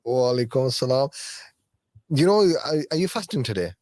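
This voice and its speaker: A man hosting a live radio show in a studio, chatting casually and joking with callers, with lots of halting fillers. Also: mid-range voice, expressive, a little mellow, no echo. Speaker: radio host.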